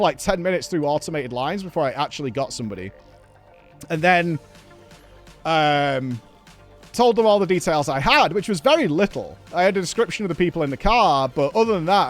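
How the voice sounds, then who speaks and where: A man's voice: fairly high pitch, sing-song, a little fast, soft background music. A man in casual chat, rambling through a story with frequent swearing and nervous laughs. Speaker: show host.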